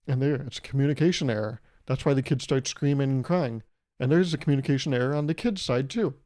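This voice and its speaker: Chill mid-twenties guy podcasting solo, goofy rambly bits, swears a lot, warm low-key tone. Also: fast talker. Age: 20s. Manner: rambling, jokey, swears freely, acts out quotes. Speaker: podcast host. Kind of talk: casual solo podcast monologue.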